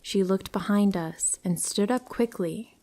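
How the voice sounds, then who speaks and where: A woman reading a true horror story aloud, in a calm, measured storytelling manner. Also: medium pitch. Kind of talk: scripted story narration.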